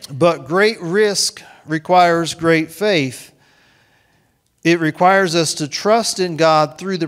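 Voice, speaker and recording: A man preaching a midweek church sermon, earnest and conversational, often repeating and restarting phrases as he acts out reassuring words. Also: a little high. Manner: earnest, voices God's reassurances warmly. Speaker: pastor.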